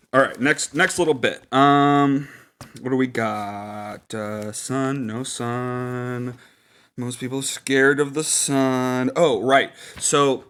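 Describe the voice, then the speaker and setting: A man offers casual game-master tips in loose, rambling advice full of fillers and delivered in a mock-serious way. His voice is medium in pitch with a fairly bright tone.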